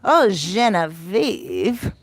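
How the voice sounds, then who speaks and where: A woman's voice: mid-range voice, very animated, very slow. A woman with an American accent, hosting a live stream in a playful, laughing manner, reading chat comments aloud.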